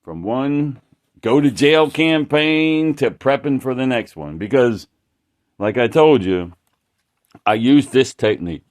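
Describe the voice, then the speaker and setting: A man's voice: medium pitch, slow pace, darkish tone. A man talking casually about his art in a rambling, profane way, often stopping and restarting mid-sentence. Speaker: artist showing his work.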